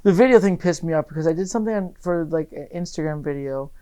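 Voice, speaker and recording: A young adult male comedian chatting casually on a podcast, dry and deadpan with sarcastic asides. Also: on the high side, quick pace, clean tone, low-quality recording.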